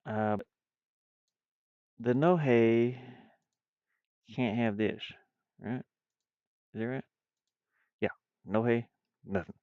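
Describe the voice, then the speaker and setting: A congested indie dev builds a game on a live stream, chatting loosely, rambling, addressing himself, and chuckling often. His medium-pitched voice has a clear, resonant tone; he draws out words and pauses often, and the muffled recording has no room sound.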